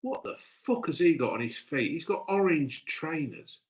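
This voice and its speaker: A man's voice: on the high side, expressive, moderate pace, low-quality recording. Blunt, swearing man. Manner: blunt, gruff, cheerfully crude. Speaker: livestream host reading chat. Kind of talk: casual live chat, heavy swearing.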